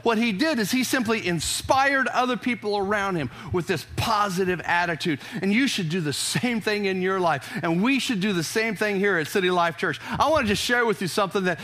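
A male pastor preaching a sermon to a live congregation, his voice high and bright. He talks in an emphatic, conversational way and often restarts his phrases as he builds a point. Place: church service before a congregation.

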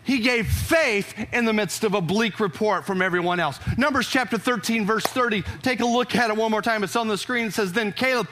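A male pastor preaching a sermon to a live congregation, his voice high and bright. He talks in an emphatic, conversational way and often restarts his phrases as he builds a point. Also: a little fast, few pauses, a little hiss or hum. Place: church service before a congregation.

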